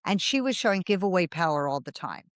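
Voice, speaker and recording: Animated storytelling woman in her fifties. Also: lowish voice, quick pace, no room sound, clean studio sound. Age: 50s. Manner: animated, rambling anecdotes with quoted dialogue and laughter. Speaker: guest, writer. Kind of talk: casual storytelling interview.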